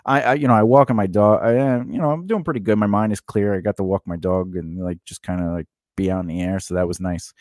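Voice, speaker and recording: A man's voice: on the low side, fast talker, hardly any pauses, dry recording, clean studio sound. A man co-hosting a casual talk show, giving career advice and acting out quoted lines in different voices. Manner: animated, acts out quoted lines in changed voices. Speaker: podcast co-host.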